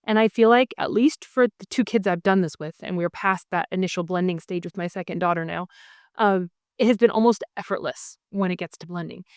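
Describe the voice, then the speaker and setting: A woman's voice: fairly low pitch, fairly quick, a little mellow, clean tone, dry recording, clean studio sound. Enthusiastic homeschooling mom explaining her picks. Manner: friendly, enthusiastic, explains step by step with many ums. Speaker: homeschooling mother sharing curriculum picks. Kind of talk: casual explanatory video talk.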